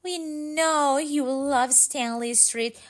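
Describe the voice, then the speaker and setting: A sensible father laying things out firmly and steadily, voiced by a woman reading aloud. He speaks slowly, leaving no room to argue. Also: sits high, pitched above the performer's own voice. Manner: firm and steady.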